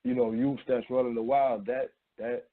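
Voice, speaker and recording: A man co-hosting a talk radio show, speaking in a measured, reflective way. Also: medium pitch, flat delivery. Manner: measured, reflective, many fillers. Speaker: radio co-host. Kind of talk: casual talk radio chat. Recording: tinny phone-line audio.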